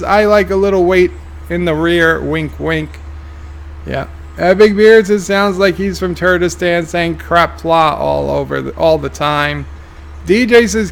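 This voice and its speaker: A man streaming a game reads viewer chat aloud and answers with dry, offhand remarks. His voice sits a little higher than most men's and carries a gravelly fry. He sounds tired. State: tired, yawning. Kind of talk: casual live-stream commentary.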